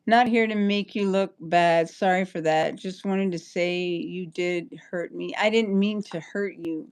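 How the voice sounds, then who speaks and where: A woman's voice: on the low side, fairly even intonation, unhurried, smooth. A woman chatting on a livestream, rambling and apologetic, stopping and restarting her sentences. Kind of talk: casual livestream chat.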